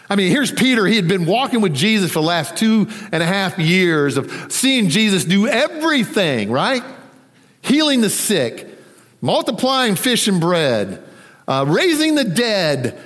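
A man delivers a conversational sermon, his pitch ranging widely and sitting a little high. He slips into the voices of the people in the story as he talks. The sound carries the long reverb of a church hall. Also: a little slow. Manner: animated, acts out quoted voices, conversational. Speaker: pastor.

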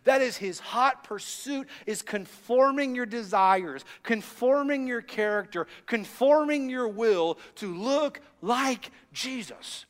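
A male senior pastor preaching a sermon, telling stories and swinging between hushed and emphatic delivery. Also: very high-pitched, expressive, takes it slowly, hardly any pauses, in a large hall.

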